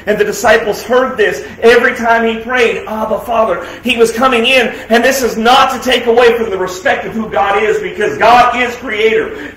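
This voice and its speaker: A man preaches to his congregation with a notably high voice, pressing his points with rhetorical questions. He rises to loud declarations and falls back to quiet, soft asides. The sound carries the echo of a church sanctuary. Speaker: pastor. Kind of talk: sermon. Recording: echoey room sound.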